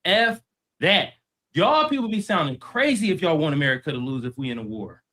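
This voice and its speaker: A man's voice: on the high side, animated, a little fast, pushed and bright. A man on a debate stream, talking in a blunt, slangy way and calling people "bro". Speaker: debate panelist. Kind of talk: casual heated stream talk.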